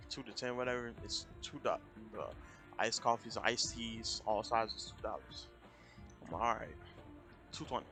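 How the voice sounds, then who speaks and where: A young American man streaming, casually retelling a story in a rambling, animated way and repeating himself. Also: lowish voice. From United States. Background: music.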